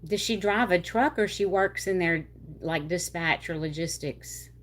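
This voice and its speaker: A woman from Louisiana with a North Louisiana Southern accent, hosting a livestream and chatting casually with viewers in a rambling way. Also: lowish voice. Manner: chatty, rambling, with y'all and drawn-out words. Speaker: livestream host. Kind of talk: casual chat reading viewer comments.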